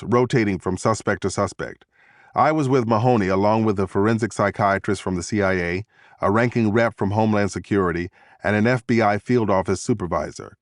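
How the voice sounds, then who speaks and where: A man reading a thriller audiobook in first person, measured and steady, recorded in a studio booth. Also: fairly low pitch, no room sound. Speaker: audiobook narrator.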